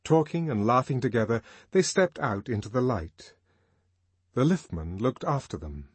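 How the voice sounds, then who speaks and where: A man reading a novel aloud as audiobook narrator, in an expressive, varied manner. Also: mid-range voice, normal speed, husky, no echo.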